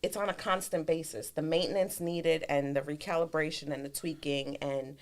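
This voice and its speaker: A woman's voice: sits low, steady tone, normal speed. A woman hosting a podcast in casual chat, asking probing, encouraging questions.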